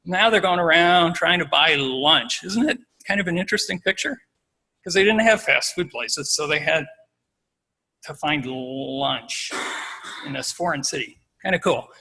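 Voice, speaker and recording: A man's voice: on the high side, unhurried, pushed and bright, rough recording. A man giving an informal, conversational sermon as a lay preacher, acting out scenes as he goes.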